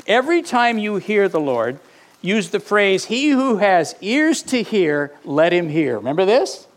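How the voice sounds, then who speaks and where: A man preaching a sermon, reading scripture aloud with animated, mock-indignant asides. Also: high-pitched, a little slow. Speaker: pastor.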